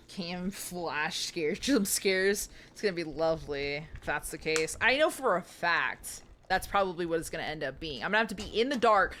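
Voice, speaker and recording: Young woman streamer joking with chat, bright voice, pitch bouncing around. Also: a little hiss or hum. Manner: playful, joking, chatty with chat. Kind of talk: casual live game commentary.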